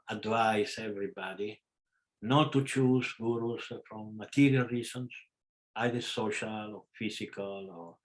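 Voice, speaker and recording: A man with a non-native English accent, giving a spiritual class over a video call. He talks haltingly, with fillers and restarts, and is frank, hitting sudden loud stresses. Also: fairly low pitch, low-quality recording. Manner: halting, with fillers and self-corrections. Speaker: spiritual teacher. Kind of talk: live class lecture.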